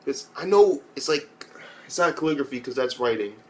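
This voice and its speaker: A young man talks through an anime episode in a casual, rambling way, swearing constantly. His voice sits in a middle register. He keeps breaking into loud, high impressions of the characters. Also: lively intonation, a little fast. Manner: rambling, loose, swears a lot, mimics characters in raised voices. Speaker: anime reviewer. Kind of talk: casual profane recap.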